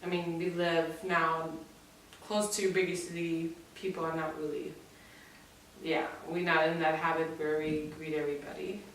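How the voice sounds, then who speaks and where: A woman's voice: deep voice, moderate pace, a little hiss or hum. Woman chatting in an echoey room. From Germany. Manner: lively, laughs often, slightly non-native English phrasing. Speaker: co-host. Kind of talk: casual chat. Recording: echoey room, voice a bit far from the mic.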